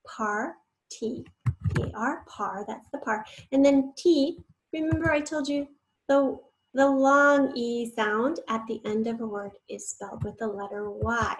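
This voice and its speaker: A woman teaching a spelling lesson, patient and encouraging, sounding words out syllable by syllable. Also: fairly high pitch.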